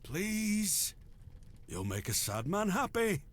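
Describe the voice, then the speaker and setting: A man's voice: sits high, very animated, slow pace, no echo, exaggerated voice. An actor playing a melancholy drinking companion in a game who turns merry and coaxing over ale, drawing out his words. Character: melancholy drinking companion, jovial when drunk.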